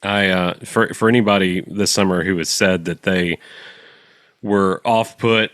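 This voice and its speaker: Deep-voiced enthusiastic male interviewer. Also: steady tone, measured pace, a bit bright, no echo, studio quality. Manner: enthusiastic fan asking questions. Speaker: podcast host interviewer. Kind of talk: casual interview.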